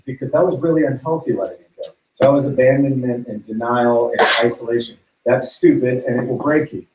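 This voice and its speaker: A man's voice: mid-range voice, a little mellow, reverberant, distant mic, slight background noise, poor audio. A man preaching to young people in a casual, slangy way, retelling a story and acting out its characters. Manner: slangy, playful, acts out characters' voices. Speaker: youth pastor.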